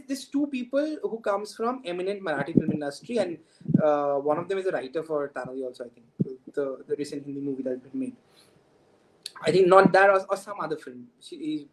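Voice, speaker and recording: Talkative Indian English man, noisy recording. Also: high-pitched. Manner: very talkative, laughs often mid-story. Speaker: film director, guest. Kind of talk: casual storytelling.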